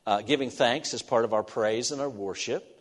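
A man preaching a sermon in a church, earnest and halting, with restarts as he talks. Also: medium pitch. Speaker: pastor. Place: church sanctuary. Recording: long hall reverb.

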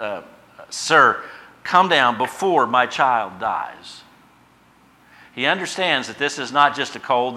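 A man preaching a sermon in a bright, forceful voice. He builds fervently on repeated lines, then eases into easy asides to his congregation. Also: medium pitch. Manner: impassioned preaching, swells loud on repeated phrases then drops quiet. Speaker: pastor.

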